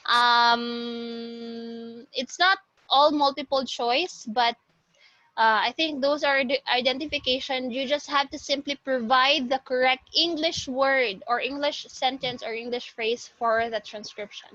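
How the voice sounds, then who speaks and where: A woman's voice: high voice, fairly even intonation, unhurried, sharp tone, no room sound. A woman teacher with a Cebuano Filipino accent gives an online class lecture, switching between English and Cebuano and checking in with her students. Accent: Filipino, Cebuano-speaking. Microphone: video call. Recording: dull lo-fi video call audio.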